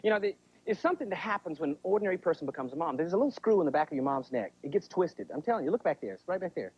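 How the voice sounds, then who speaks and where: A man's voice: fairly high pitch, big pitch swings, racing, breathy edge. A man doing a stand-up comedy routine, chatty and constantly checking in with the crowd. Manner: chatty, keeps asking the crowd "right?". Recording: dull 1980s TV sound.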